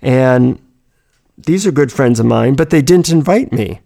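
Man with a gravelly voice sharing advice. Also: medium pitch, expressive, measured pace, mellow. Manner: reflective, personal storytelling. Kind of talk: self-help talk.

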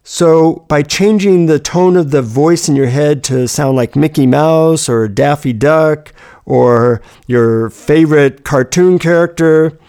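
A man's voice: on the high side, creaky, mellow. A man giving a reflective self-help talk, telling personal stories about handling negative thoughts.

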